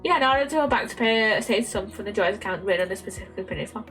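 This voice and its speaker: A woman's voice: mid-range voice, lively intonation, rapid-fire, a bit bright. A young woman streaming a word-guessing game, swearing constantly and thinking aloud as she tries out guesses. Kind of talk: casual game commentary. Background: faint lo-fi music.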